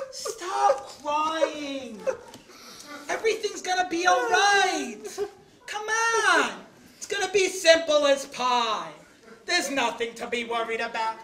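A woman playing a loud, bickering older American caterer on stage, who shouts often. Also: very high voice, heavily acted. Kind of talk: stage play acting. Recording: echoey stage room.

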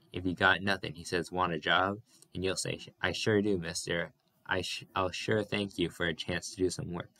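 A ragged, worn-out migrant with a bitter streak and a drawling rural way of talking, as a man reads him aloud. The voice sits low and deep, nudged a little higher and louder than the narration around it. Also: no echo.

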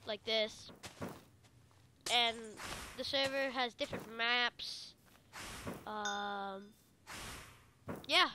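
A young woman hosting a gaming video, explaining a game in a slow, hesitant, casual way with lots of fillers. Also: fairly high pitch. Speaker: gaming channel host. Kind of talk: casual gameplay commentary. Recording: noisy home recording.

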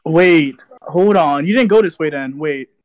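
A man with a high voice teases his friends in a casual gaming chat, playing coy with hints. His voice sounds close and dry, with no room around it. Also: measured pace, no echo. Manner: teasing and playful, hints and jokes with the others. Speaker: player.

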